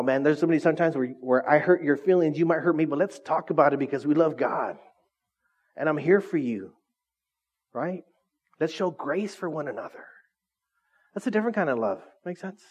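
A middle-aged man, lead pastor of a small church, gives a casual sermon in a fairly high, animated voice at a slightly quick pace. He's conversational and pokes fun at himself, often checking in with the congregation.

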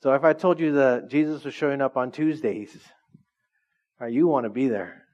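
A man's voice: medium pitch, normal speed, a little mellow. A man preaching a casual, conversational sermon to a small church, joking and speaking straight to the congregation. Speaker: pastor. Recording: dull lo-fi recording.

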